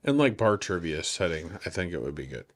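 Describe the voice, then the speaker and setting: A man's voice: low-pitched, very animated, fairly quick. A man co-hosting a casual podcast chat, joking around and teasing his partner. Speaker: podcast co-host.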